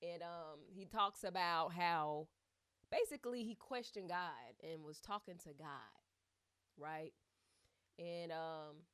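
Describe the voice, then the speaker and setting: A woman's voice: sits low, smooth. A woman giving a casual, chatty commentary, retelling a story with lots of fillers and asides. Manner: chatty and animated, with many fillers.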